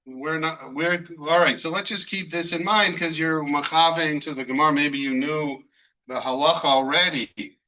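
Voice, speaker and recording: Bright-voiced rabbi teaching a class. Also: male voice, on the high side, normal speed, poor audio. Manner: conversational, hesitant fillers, takes questions from students. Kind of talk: classroom Torah lesson.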